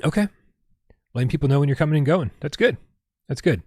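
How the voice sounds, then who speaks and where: A man's voice: a little high, animated, fast, mellow, no echo, clean studio sound. A man hosting a casual gaming livestream at home, rambling and reading out viewer tips with lots of restarts. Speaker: livestream host.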